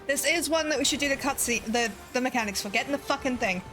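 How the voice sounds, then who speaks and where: A young woman with a high, bright voice chats with her viewers while she games. She giggles often and talks easily. Soft game music sits underneath. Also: fast talker. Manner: giggly, chatty, reads chat aloud. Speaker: game streamer. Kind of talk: casual live-stream chat.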